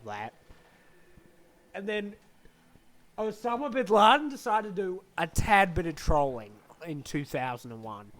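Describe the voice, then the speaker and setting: A man's voice: high voice, expressive, normal speed, fairly bright tone, low-quality recording. A young man giving a goofy, scatterbrained comedic monologue into a desk microphone, acting out silly voices. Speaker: comedic history narrator.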